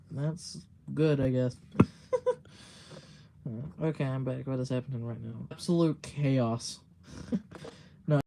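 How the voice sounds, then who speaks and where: A man's voice: mid-range voice, vocal fry, noisy background. A man chatting on a livestream, rambling with filler words, giggling often and swearing casually. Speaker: streamer.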